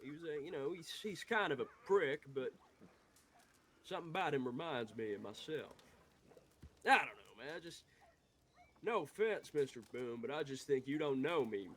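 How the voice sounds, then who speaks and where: A man's voice: on the high side, normal speed, long pauses, a bit bright, a little hiss or hum, lightly acted. A man voicing a hot-headed young Western outlaw who rambles, swears and talks in heated bursts. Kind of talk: Western role-play.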